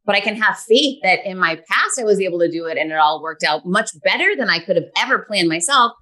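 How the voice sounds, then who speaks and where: Woman, 40s, podcast guest; bright tone, candid and animated storyteller. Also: medium pitch, fast. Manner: earnest, animated, acts out her own past thoughts.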